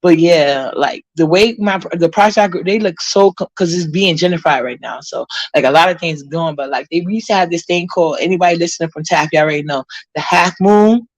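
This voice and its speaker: Talking briskly with few pauses in a fairly low voice, this Harlem, New York woman chats as a vlogger and goes through viewer comments. She is blunt, profane and rambling, using lots of fillers, on a dry recording.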